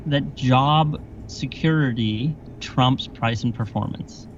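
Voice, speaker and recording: A man's voice: mid-range voice, slow, slight background noise. A man as a podcast guest, making his points emphatically with chains of rhetorical questions. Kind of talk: explanatory conversation. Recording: dull dry lo-fi sound.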